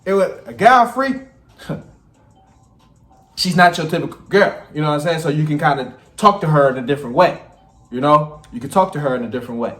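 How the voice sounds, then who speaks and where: A man, hosting a reaction video and giving blunt, profane, animated commentary. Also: fairly high pitch, moderate pace. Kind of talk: casual commentary. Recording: echoey room with faint music.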